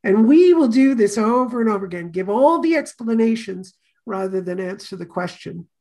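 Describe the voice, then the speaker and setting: Woman, course teacher, gravelly voice, storytelling delivery. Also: medium pitch, animated, moderate pace, warm tone. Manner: storytelling, acts out quoted voices. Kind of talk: teaching a class talk.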